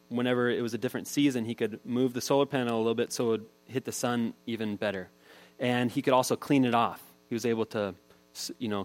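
A male pastor delivers a sermon in an easygoing, conversational voice of ordinary pitch. He moves between teaching and homely anecdotes, as if talking to friends from the pulpit. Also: low-quality recording. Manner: conversational, storytelling preaching.

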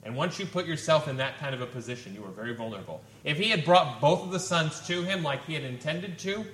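Speaking quickly and with animation, a man with a higher, somewhat bright voice preaches an expository sermon. He reads scripture out loud and breaks it down in plain, everyday speech. The room echoes, and faint ambient noise can be heard.

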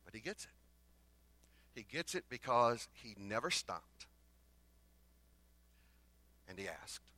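A man preaching a sermon as pastor, swinging between loud bursts and hushed lines and acting out the exchanges between the prophets. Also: medium pitch, big pitch swings, slow pace, long pauses, dry recording. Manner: acts out the exchanges between the prophets in their own voices.

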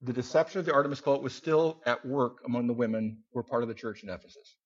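A man's voice: medium pitch, quick pace. A man teaching a Bible passage to a group in a conversational, folksy sermon style with asides. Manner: conversational, folksy, with asides and sudden loud outbursts. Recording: dull lo-fi recording.

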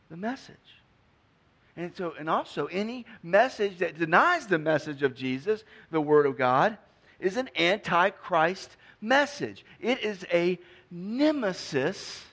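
A man's voice: a little high, fairly bright tone. A man preaching a conversational sermon, acting out the figures he quotes. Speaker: pastor.

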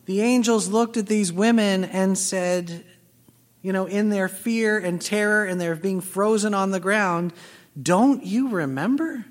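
A high-voiced male pastor delivers a sermon in a church sanctuary, telling personal stories and acting out both sides of conversations. His voice rings out with a long reverberant tail from the large hall. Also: steady tone, a little slow. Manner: personal storytelling, acting out quoted dialogue.

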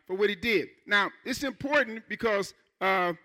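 Bright high-voiced male preacher. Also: normal speed. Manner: fervent preaching with call-and-response. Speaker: pastor. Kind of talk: sermon. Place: church.

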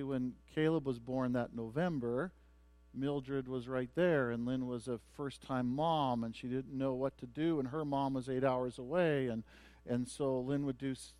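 A man's voice: mid-range voice, steady tone, a little slow, a little mellow, no echo. A man preaching a sermon as pastor, telling a story with many restarts and building to emphatic points.

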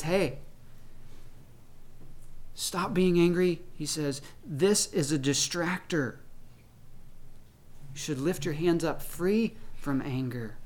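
A man's voice: a little high, darkish tone. A man preaching a sermon as pastor, talking conversationally and acting out the voices of people in his stories.

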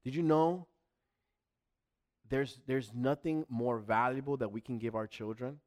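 A middle-aged male pastor preaching a sermon, emphatic, repeating himself and swinging between loud and hushed. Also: mid-range voice, measured pace.

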